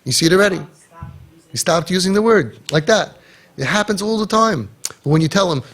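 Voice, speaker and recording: A man giving an impassioned inspirational talk, animated, acting out bits of dialogue and repeating his key points. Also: a little high, a little fast, husky. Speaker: inspirational speaker.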